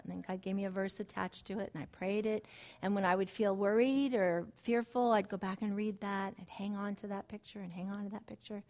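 Speaking at a normal speed, a middle-aged woman runs a Bible study conversationally, telling stories from her own life that start soft and low and build to excited emphasis.

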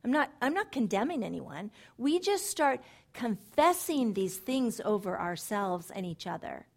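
A woman with a fairly high voice preaches to a gathering of women. She is animated and emphatic, driving points home through repetition. Now and then she drops into soft, hushed asides. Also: measured pace, vocal fry. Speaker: women's ministry speaker. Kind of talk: sermon-style Bible teaching.

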